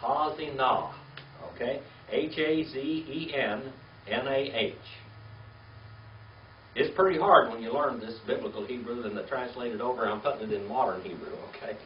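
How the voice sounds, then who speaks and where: An older man teaching a Hebrew class, spelling words letter by letter and coaxing students with frequent "okay?" checks. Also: moderate pace. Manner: patient, coaxing, checks in with "okay?" and "all right?". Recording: roomy, distant, dull low-fi with faint hiss.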